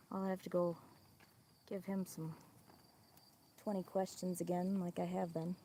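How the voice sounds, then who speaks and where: Woman, Midwestern accent, gravelly voice, casual farm livestream, crickets outside. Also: medium pitch, a little mellow. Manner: chatty, laughs often, talks to chat and animals. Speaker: livestream host. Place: outdoors on a farm.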